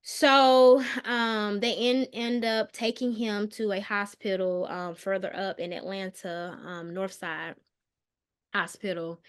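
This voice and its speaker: Brief: woman guest, mid-pitched, earnest and halting, lots of "um"s, goes quiet on hard moments. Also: clean tone. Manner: earnest, hesitant, many "um"s and restarts; soft and subdued on painful details. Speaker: guest, mental health counselor. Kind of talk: personal storytelling in a podcast interview.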